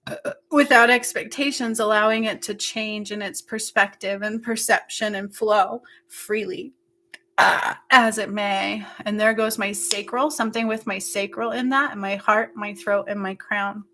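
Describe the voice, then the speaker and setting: A woman leads an intuitive healing session in a soft, intimate voice that sounds bright and clear. She talks slowly and haltingly, drifting between thoughts with plenty of fillers, and her tone stays emotional throughout. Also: medium pitch, fairly even intonation. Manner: slow, halting, meandering with many fillers. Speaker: spiritual healer.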